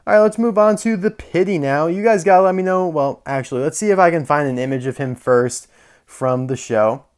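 A man's voice: a little high, brisk, clear, resonant tone. A young man casually reviewing a collectible toy car, chatty and rambling, enthusiastic about small details.

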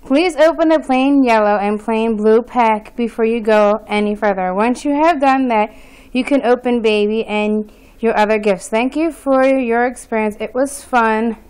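A woman filming an unboxing vlog, talking in a nervous, excited and gushing way. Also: fairly high pitch, a little slow, clean tone, low-quality recording. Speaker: vlogger. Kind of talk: unboxing vlog, casual chat.

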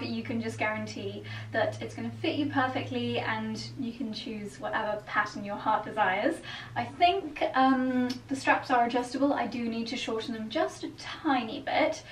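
A fashion vlogger chats through a try-on haul, gushing with effusive praise and laughing lightly in a fairly high voice. The recording is roomy and echoey, with a distant mic and faint hiss.

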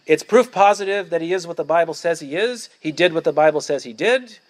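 A man's voice: on the high side, fairly quick. A male pastor preaching a sermon outdoors at a church picnic, emphatic and declamatory, hammering points through repetition.

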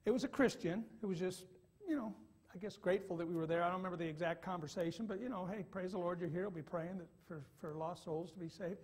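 A man from Michigan preaching in church, telling a story with quiet asides and loud bursts. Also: high-pitched, quick pace, breathy edge. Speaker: evangelist preacher. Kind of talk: sermon storytelling.

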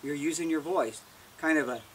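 A man's voice: on the high side, moderate pace, recorded from a distance, noisy background. A man giving a casual, plain-spoken how-to demonstration as an elk-calling instructor, often restarting words.

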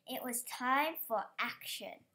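Slow-reading woman, children's storybook. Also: fairly high pitch, pushed and bright. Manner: careful, stumbles on some words. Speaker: storybook reader. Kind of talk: reading a children's picture book aloud.

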